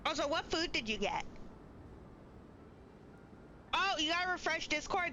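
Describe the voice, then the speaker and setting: A woman streaming a game live, reacting in an excitable, chatty way to the story. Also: very high voice, quick pace, few pauses, a little hiss or hum.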